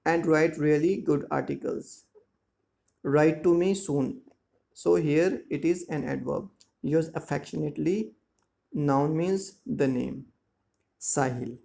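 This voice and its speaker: A man teaching a school lesson, explaining words slowly and checking that students follow. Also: fairly high pitch, creaky, warm tone. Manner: slow, repetitive explaining with frequent check-ins. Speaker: English teacher. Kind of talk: classroom lesson explaining grammar and syllables.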